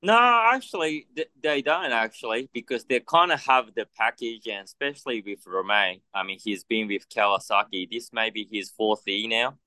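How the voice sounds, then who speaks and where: A man's voice: fairly low pitch, normal speed, hardly any pauses, sharp tone, dry recording. Japanese man with an Aussie twang. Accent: Japanese with Australian accent. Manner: rambling, lots of fillers and "you know". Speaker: motocross test rider. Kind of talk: casual interview chat.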